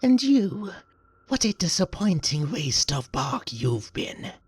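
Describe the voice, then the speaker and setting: A man voicing an evil, furious old female witch with a raspy, gravelly shriek, snarling slowly in a foul voice. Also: fairly high pitch, big pitch swings, no room sound, pitched above the performer's own voice, full character voice.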